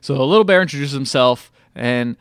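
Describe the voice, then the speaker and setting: Animated young man recapping a movie. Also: mid-range voice, brisk, clean tone, dry recording, clean studio sound. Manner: animated, swearing, acts out characters in goofy voices. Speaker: podcast co-host. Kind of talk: casual chat recapping a movie.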